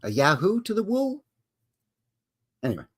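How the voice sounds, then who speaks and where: A man's voice: sits high, wildly swooping pitch, moderate pace. A man hosting a live stream, greeting viewers in a jokey, folksy way with cowboy slang. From Canada. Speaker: livestream host. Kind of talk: casual live-stream chat.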